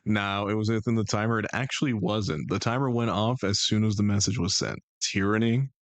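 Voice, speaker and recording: A man's voice: lowish voice, fairly even intonation, brisk, dry recording. A young man streaming and bantering with his chat, joking and sarcastic. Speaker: streamer and game master.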